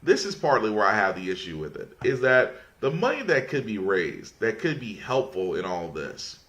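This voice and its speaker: A man's voice: lowish voice, sing-song, moderate pace, a bit bright. A man hosting a casual podcast, mocking his subject, rambling and restarting often as he fights off laughter. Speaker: podcast host.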